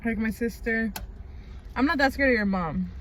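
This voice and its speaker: A woman's voice: a little high, normal speed. Chatty young woman full of "like"s. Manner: chatty storyteller, many "like"s and "um"s. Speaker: vlogger. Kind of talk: casual chat. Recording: light background noise.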